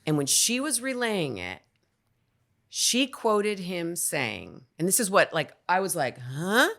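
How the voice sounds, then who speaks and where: A woman's voice: lowish voice, very animated, takes it slowly, a bit bright. A woman guest on a podcast, telling a story in casual chat and acting out the lines she quotes. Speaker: guest actor.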